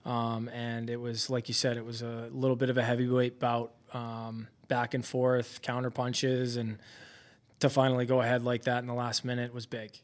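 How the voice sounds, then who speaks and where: A relaxed young man talking about his hockey life in an easy, unhurried way. He drops plenty of ums and uhs and slips in dry little jokes. His voice sits at an ordinary middle pitch for a man. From Massachusetts, US. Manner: easygoing, relaxed, with many fillers and light jokes. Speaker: professional hockey goaltender, guest. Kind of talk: casual interview chat.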